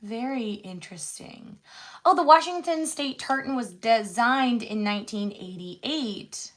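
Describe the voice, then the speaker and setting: A woman's voice: a little high, lively intonation, a little slow, a bit bright. A woman chatting casually while she colors on a live stream, musing aloud and laughing easily. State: out of breath. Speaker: host.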